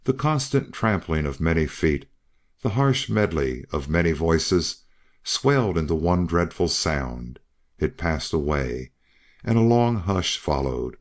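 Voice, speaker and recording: Slow deep-voiced male narrator. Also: lively intonation. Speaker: audiobook narrator. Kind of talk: scripted narration.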